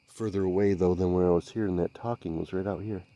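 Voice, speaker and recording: A man investigating the woods by a swamp at night, speaking in a hushed, halting, searching way and sometimes calling out loudly. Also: sits low, fairly even intonation, no room sound, muffled recording. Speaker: field investigator. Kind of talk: night field investigation commentary.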